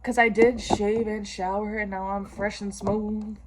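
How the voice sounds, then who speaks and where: A woman's voice: mid-range voice, little pitch movement, a little slow, background noise. A young adult woman vlogging, chatting casually through a storytime while she does her skincare, slangy and profane with comic asides.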